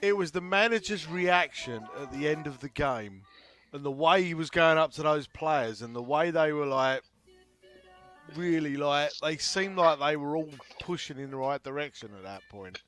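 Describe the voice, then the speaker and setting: A man's voice: on the high side, expressive, normal speed, fairly bright tone, faint music behind. A man calling in to a casual show, speaking bluntly and swearing freely. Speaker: caller. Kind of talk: casual call-in chat.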